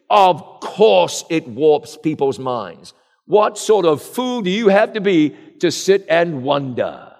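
A middle-aged man preaching a sermon in an earnest, rhetorical style, addressing the congregation directly. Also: high voice. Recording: long echo of a large hall.

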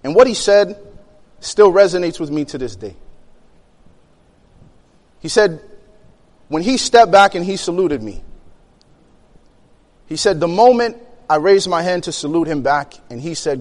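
A young man telling a personal story in an animated way, acting out the quotes and laughing between lines. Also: a little high, measured pace, pauses often, in a large hall. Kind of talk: storytelling talk.

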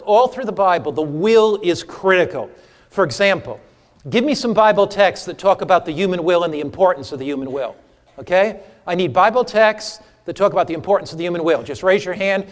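A man teaching an interactive sermon to a church audience, humorous and animated, quizzing listeners for Bible verses. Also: high voice, in a large hall. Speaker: preacher teaching a seminar. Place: church or hall before a live audience.

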